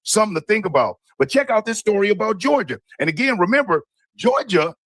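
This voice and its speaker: A man's voice: sits high, animated, brisk, a bit bright, dry recording. A man from Michigan hosting a political commentary show, talking emphatically and indignantly. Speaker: host.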